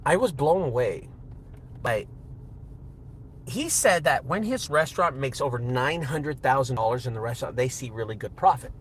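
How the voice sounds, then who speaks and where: Man, small business vlogger, animated storyteller, faint noise. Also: mid-range voice, moderate pace, poor audio. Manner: animated storytelling, slangy and excitable. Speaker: junk removal business owner and channel host. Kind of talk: casual live video talk.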